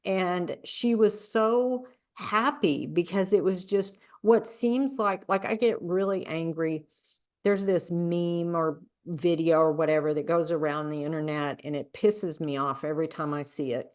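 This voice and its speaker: A woman with a somewhat low-pitched voice hosts a podcast in relaxed conversation. She tells personal stories earnestly and at length. Her tone turns heated when she talks about people being mocked. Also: a little slow. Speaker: podcast host. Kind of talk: casual conversational podcast chat.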